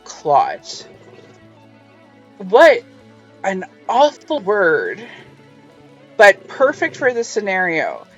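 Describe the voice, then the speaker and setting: A woman's voice: lowish voice, lo-fi sound. Wry woman musing on a book. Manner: wry, musing, chatty asides. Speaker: book reviewer and podcast host. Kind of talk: casual book review commentary.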